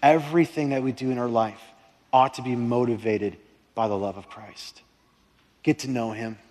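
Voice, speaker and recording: A man preaching a sermon as pastor, passionate and excitable, swinging between loud fervent prayer and hushed urgency. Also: medium pitch, normal speed. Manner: impassioned, rising to near-shouting prayers, then dropping quiet. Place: church sanctuary. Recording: long hall reverb.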